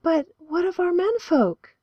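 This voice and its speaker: A woman's voice: extremely high pitch, big pitch swings, a little slow, no room sound, dull audio, voice pushed up, full character voice. A woman voicing a meek, uncertain young woman in an audiobook. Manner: meek, soft. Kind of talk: audiobook character voice.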